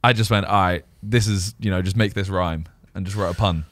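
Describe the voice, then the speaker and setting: Low-voiced podcast host, dry sound. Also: male voice, fairly even intonation, a little fast, no room sound. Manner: self-deprecating storyteller, laughs often. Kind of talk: casual podcast chat.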